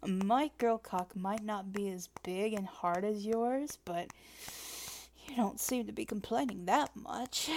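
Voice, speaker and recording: A woman's voice: medium pitch, slow pace, gravelly, a little mellow, slight background noise. A woman in a whispered role-play, teasing and playful, laughing often and cracking corny jokes. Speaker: audio role-play performer.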